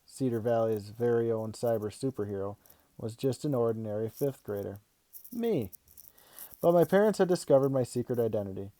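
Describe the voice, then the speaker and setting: A man reading a children's novel aloud in an even, expressive storytelling manner. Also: mid-range voice, no echo. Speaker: read-aloud host.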